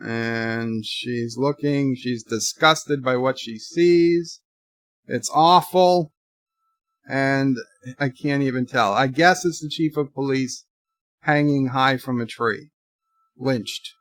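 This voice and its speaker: This is a channel host and commentator talking slowly in a medium-pitched, slightly bright voice, with no room sound. Watching a TV episode live, he improvises commentary, musing aloud and describing the action on screen as it happens.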